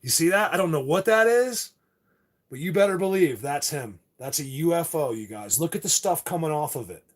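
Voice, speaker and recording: Man, husky voice, excitable, rambling, live video host talking to viewers. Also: on the high side, normal speed. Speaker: livestream host.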